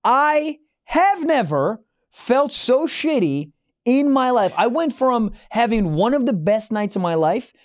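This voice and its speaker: A man's voice: very high voice, takes it slowly. A man co-hosting a podcast, chatting crudely and telling rambling stories. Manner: animated, rambling storyteller. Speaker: podcast co-host and comedian. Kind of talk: casual crude banter.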